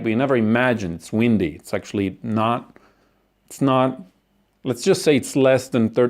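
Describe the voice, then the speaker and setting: A man's voice: medium pitch, darkish tone. A man delivering a comic monologue, ranting with lots of swearing and acted-out asides.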